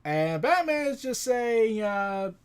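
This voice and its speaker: Brief: a chatty comic reviewer, lively pitch swings, rambling and jokey. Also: slow, clean tone. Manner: rambling, animated, joking. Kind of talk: casual comic recap. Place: home recording setup.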